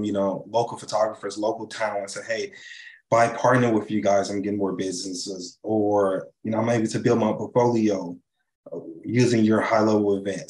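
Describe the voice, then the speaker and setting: A man from Chicago, a charity leader, talking as an interview guest over a video call in an animated, enthusiastic way, with many fillers and tag questions. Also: fairly low pitch, echoey room, rough recording. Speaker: charity CEO and co-founder, guest.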